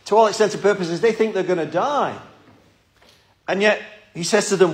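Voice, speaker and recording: A man's voice: sits high, moderate pace, long pauses. A man preaching a sermon in a church, earnest and pleading, often repeating his words.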